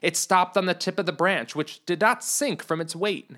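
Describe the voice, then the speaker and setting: A storyteller reading a funny tale aloud at a mid pitch. The delivery is lively and expressive, with the pace picking up during the action. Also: moderate pace. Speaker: narrator.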